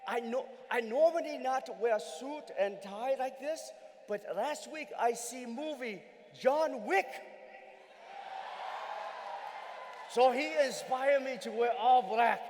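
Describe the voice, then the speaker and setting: A man doing a playful immigrant character with clipped, broken English, calling out to a big audience. His voice sits very high. The sound carries the long reverb of a large hall. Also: a little slow, a little hiss or hum. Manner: clipped broken English, dropped articles, shouting to the crowd. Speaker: keynote speaker.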